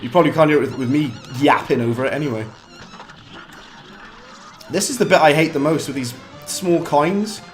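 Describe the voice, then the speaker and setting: A man's voice: a little high, soft background music. Chatty British man streaming a game. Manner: chatty, self-mocking, quick bursts of frustration. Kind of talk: live gameplay commentary.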